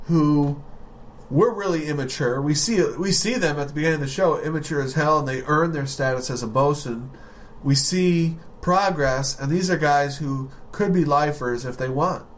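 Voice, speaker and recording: A man co-hosting a casual podcast, retelling scenes with quick laughs and quoted lines. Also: a little high, a little hiss or hum. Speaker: podcast co-host. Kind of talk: casual chat.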